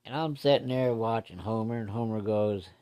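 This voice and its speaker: A man's voice: on the low side, normal speed, mellow, clear, resonant tone. A man telling a personal story from his childhood in a rambling, folksy, plain-spoken way.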